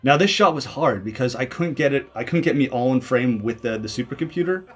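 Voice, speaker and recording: A young man from Canada talks loosely over footage of his own old video, in a voice of average pitch. He rambles, laughs at himself and keeps restarting his sentences. It is an easygoing, self-mocking video commentary. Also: lively intonation, fairly quick, a little hiss or hum.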